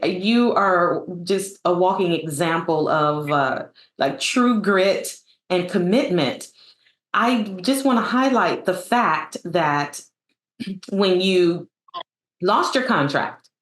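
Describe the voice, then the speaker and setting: A woman hosting a conversational interview, affirming her guest and talking with many fillers and restarts. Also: on the low side. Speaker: interview host. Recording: roomy echo.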